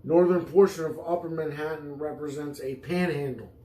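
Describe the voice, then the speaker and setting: Man, podcast host, improvised comedy rant, profane, rambling, slightly high voice, echoey room. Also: fairly even intonation, normal speed, dark tone.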